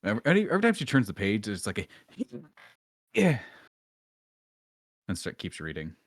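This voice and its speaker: A man running a tabletop game as dungeon master, describing scenes in a relaxed way with many fillers. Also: lowish voice, normal speed, no room sound, studio quality.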